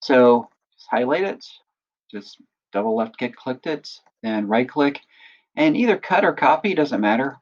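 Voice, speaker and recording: A man acting as instructor, patiently walking through a software tutorial and often checking in with listeners. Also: mid-range voice, animated, a little slow, muffled recording. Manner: patient step-by-step explaining, often checks in with "right?". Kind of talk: screen-recorded software tutorial.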